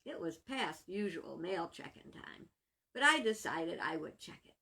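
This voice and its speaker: Bright-voiced woman minister, slow and chatty. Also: fairly low pitch, animated, creaky. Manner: chatty, laughs often. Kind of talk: casual storytelling vlog.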